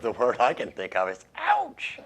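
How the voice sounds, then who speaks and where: A man's voice: medium pitch, animated, measured pace. A man hosting a radio show, reading odd news stories and making wry jokes about them, laughing at his own lines. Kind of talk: casual comedic news commentary.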